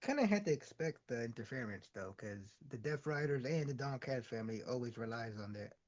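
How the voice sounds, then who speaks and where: A man's voice: medium pitch, animated, brisk, highs cut off. A man co-hosting a casual podcast, chiming in with brief, dry remarks. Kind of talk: casual chat.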